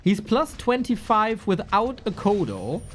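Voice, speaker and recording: A woman casting a live esports match, excitable and bursting into shouts at big plays. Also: mid-range voice, unhurried, a little hiss or hum. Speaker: esports caster. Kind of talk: live game commentary.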